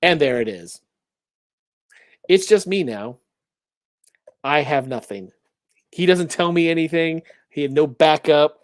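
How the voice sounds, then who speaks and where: A man co-hosting a casual livestream chat, talking in an animated, playful way and slipping into silly voices. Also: a little high, measured pace, pauses often, no echo, studio quality. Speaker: co-host.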